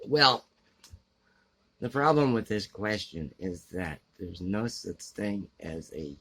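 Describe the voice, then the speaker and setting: A man giving blunt, grumbling book opinions in a halting way, with lots of fillers and frequent throat clearing. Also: fairly low pitch, a bit bright. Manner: grumbling, opinionated about books. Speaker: book vlogger answering a question tag. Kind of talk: casual unscripted talk to camera.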